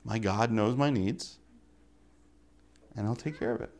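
A man preaching a casual sermon, full of rhetorical questions and offhand jokes, swinging between loud emphatic lines and quiet asides. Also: on the low side, unhurried.

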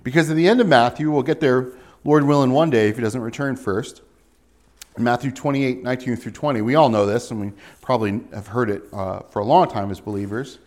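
A middle-aged male pastor delivers a sermon in an easygoing, folksy style, at a medium pitch. He talks to the congregation like he's chatting with them, using rhetorical questions and everyday asides. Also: steady tone, fairly quick. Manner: conversational, folksy preaching with asides; hushed, earnest prayer.

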